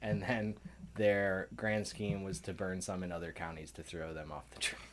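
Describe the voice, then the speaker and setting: A young man co-hosting a podcast, a lawyer, chatting casually in a careful, measured way. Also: low-pitched, flat delivery, slight background noise. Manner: measured, careful, many short agreements.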